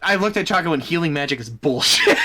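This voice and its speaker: A male streamer ranting in a casual, exasperated way. His voice sits a bit high, bright and forceful, swinging widely in pitch, with faint music in the background. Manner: animated, exasperated, swearing. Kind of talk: casual chat.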